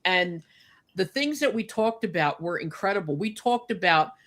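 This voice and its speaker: A woman telling a personal story with deep feeling, choked up, with lots of "you know" and "like". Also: lively intonation, normal speed, fairly bright tone. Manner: heartfelt, many fillers like "you know" and "like". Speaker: guest recalling a friend.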